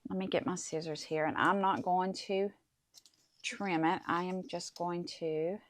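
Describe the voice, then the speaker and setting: A middle-aged woman talks viewers through a paper craft project step by step. Her voice sits a little low, and her manner is chatty and relaxed, like a casual tutorial at a craft table. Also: unhurried, no echo. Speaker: crafting channel host.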